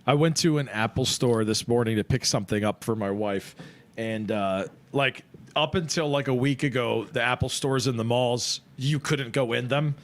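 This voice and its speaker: A man's voice: mid-range voice, normal speed. A man hosting a casual group stream, telling an anecdote with swearing and acting out both sides of the exchange. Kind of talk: casual chat, storytelling.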